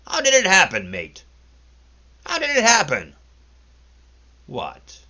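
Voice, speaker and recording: A man reading aloud and voicing a coarse, mocking raftsman who teases loudly. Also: medium pitch, sing-song, measured pace, gravelly, voice pushed up, exaggerated voice. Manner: boisterous, jeering, cackling. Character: coarse mocking male raftsman, loud and teasing.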